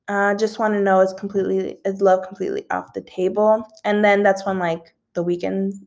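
A woman's voice: medium pitch, level tone, moderate pace, vocal fry, darkish tone. Young woman host, casual rambling gossip chat, filler-heavy. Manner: rambling, filler-heavy, yawns now and then.

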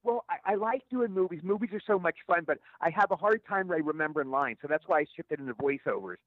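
A middle-aged man, an actor guest, telling stories in an interview in a rapid, stammering way with repeated words. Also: a little high, expressive, dry recording. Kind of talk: storytelling interview answers. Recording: tinny phone line, dry.

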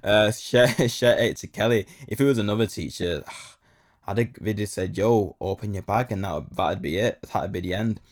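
Young guy, kinda low voice, chatty slangy storytelling, says stuff twice for effect. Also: moderate pace. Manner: animated, slangy, repeats phrases for effect. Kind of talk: casual storytelling monologue.

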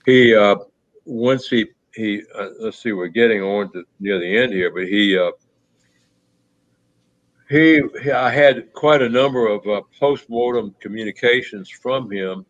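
A man telling a personal story in a reflective, conversational way, pausing often with fillers and restarts. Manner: halting, many restarts and fillers. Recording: muffled low-fidelity audio.

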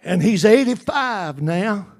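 A man preaching, his voice pitched high for a man. His delivery is fervent and repetitive, building toward shouts, and he drawls slowly through his sermon. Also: expressive, gravelly.

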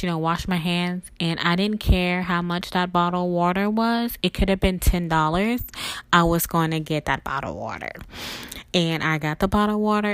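A woman telling a personal story in an emotional, earnest, halting way. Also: fairly low pitch, clean tone, dry recording. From family roots in Louisiana.

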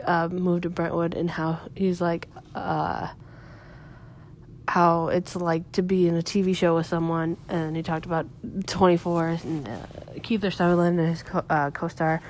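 A woman's voice: on the low side, darkish tone. Rambling young woman recapping casually. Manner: rambling, heavy use of "like" and "um", frequent self-corrections. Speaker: podcast recapper.

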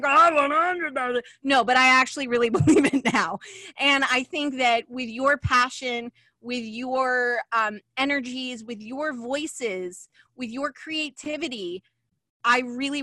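A woman's voice: sits high, bright, forceful tone, dry recording. A woman hosting a livestream, chatty and emotional, with lots of fillers, on a video call setup. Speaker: livestream host. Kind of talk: casual livestream chat.

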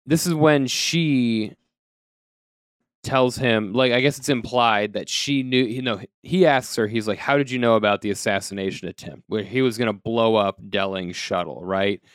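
Relaxed man casually recapping an episode. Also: fairly low pitch, normal speed, smooth, dry recording, studio quality. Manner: recaps scenes with laughter and quoted lines. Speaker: podcast co-host.

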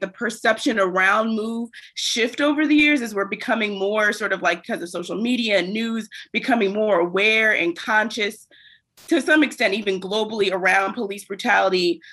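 A woman interviewer with a bright, clear voice and a medium pitch. She asks long, thoughtful questions and searches for her words along the way. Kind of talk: casual interview conversation.

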